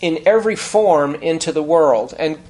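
A man preaching an expository sermon in a conversational teaching manner, restarting phrases and slowing down to stress key words. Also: a little high, lively intonation, a little mellow. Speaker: pastor.

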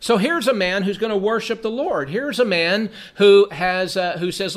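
A man's voice: sits high, moderate pace, hardly any pauses. A man teaching from the Bible, reading passages aloud and then explaining them in a conversational way, often repeating words as he thinks.

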